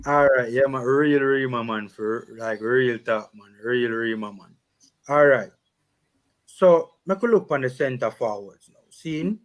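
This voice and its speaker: A man with a Jamaican accent hosting a sports vlog, talking in casual, animated Patois-laced banter. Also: medium pitch, unhurried. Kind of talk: casual chat.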